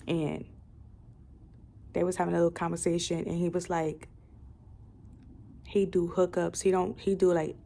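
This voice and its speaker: A woman's voice: fairly low pitch, gravelly, warm tone. A young woman casually retelling a novel's plot in a book review video, rambling with fillers and the odd swear word.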